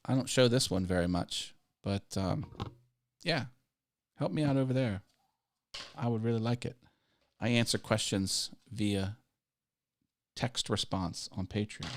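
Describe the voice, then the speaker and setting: A man's voice: on the low side, unhurried, pauses often. A man hosting a casual live stream, rambling and restarting his sentences and chuckling at his own jokes. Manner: rambling, self-interrupting, laughs at own jokes. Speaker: YouTube live show host.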